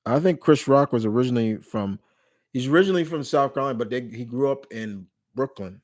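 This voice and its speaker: A man's voice: mid-range voice, a little fast, a little mellow. Rambling man hosting a live Q&A. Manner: rambling, with frequent restarts and self-corrections. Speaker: live stream host answering viewer questions. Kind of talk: casual live Q&A chat.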